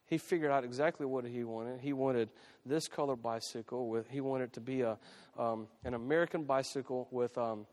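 Pastor preaching in an echoing hall. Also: male voice, mid-range voice, fairly even intonation, moderate pace, darkish tone. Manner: conversational preaching, frequent restarts and repeated phrases. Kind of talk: sermon. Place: church sanctuary. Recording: long reverb of a church hall.

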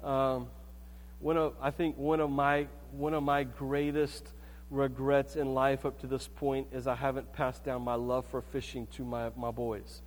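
A man's voice: mid-range voice, little pitch movement, a little slow. A man preaching a sermon as the pastor, in a conversational, storytelling way with frequent check-ins to the congregation. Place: church sanctuary. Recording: reverberant church hall.

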